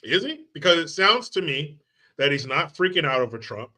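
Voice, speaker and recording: On a live political commentary stream, a man with a rather high voice talks at a moderate pace, his pitch swinging widely and his tone sharp. He's loose and joking, reading the chat aloud and slipping into movie quotes, all with plenty of profanity and sarcasm.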